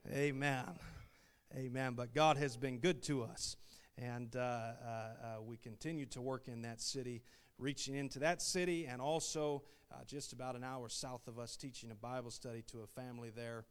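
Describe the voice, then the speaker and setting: A man preaching a sermon as a missionary, folksy and full of "uh" fillers, his voice rising into loud calls of "Amen". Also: medium pitch, fairly even intonation, moderate pace, smooth.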